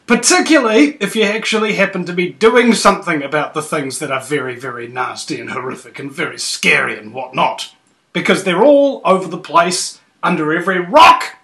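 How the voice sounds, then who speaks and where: A man hosts a fringe talk radio show, ranting with jokes and theatrical asides. His voice sits high and swings widely in pitch. The tone is bright and sharp. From New Zealand. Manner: jokey, rambling, theatrical rants. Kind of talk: casual conspiracy radio chat.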